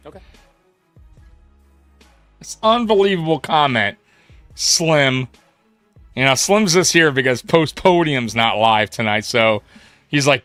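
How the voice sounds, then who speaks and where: A man's voice: a little high, very animated, slow pace, pauses often, bright, forceful tone, no room sound, studio quality, faint music behind. A man hosting a sports livestream in a casual chat, laughing often and swearing in slang. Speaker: livestream sports show host.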